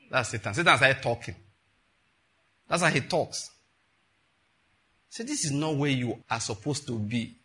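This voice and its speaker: A man's voice: mid-range voice, pushed and bright. A man preaching a sermon in a conversational way, with rhetorical questions and laughing asides. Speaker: pastor.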